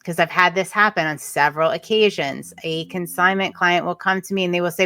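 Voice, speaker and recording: A woman's voice: on the low side, fairly even intonation, brisk, few pauses, sharp tone, dry recording. A woman hosting a podcast, giving practical business advice in a chatty, emphatic way. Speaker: podcast host. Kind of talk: casual advice chat.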